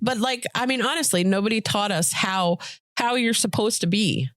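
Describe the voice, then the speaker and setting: A woman co-hosting a podcast in casual chat, playful and quick to laugh. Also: medium pitch, a bit bright, no echo. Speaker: podcast co-host.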